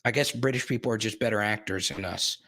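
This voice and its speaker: A man hosting a live sports stream, chatting casually and excitedly with his viewers and often repeating himself. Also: on the low side, fast talker. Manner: excitable, talks straight to the chat, repeats himself.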